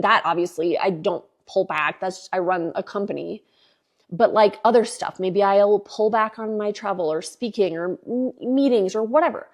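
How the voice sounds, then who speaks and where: A woman in her forties, a podcast host telling a personal story in casual chat, animated and candid with lots of fillers. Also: mid-range voice, gravelly. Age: 40s.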